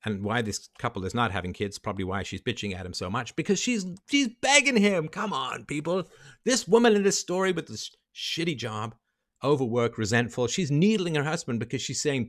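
A man's voice: mid-range voice, big pitch swings, a little fast, fairly bright tone. A man hosting a livestream monologue, emphatic and lecturing, walking through numbers step by step. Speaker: livestream host.

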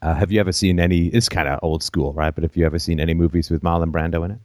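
A man's voice: deep voice, fairly even intonation, rapid-fire, darkish tone, dry recording, studio quality. A man hosting a call-in show, telling long rambling anecdotes and chuckling as he goes.

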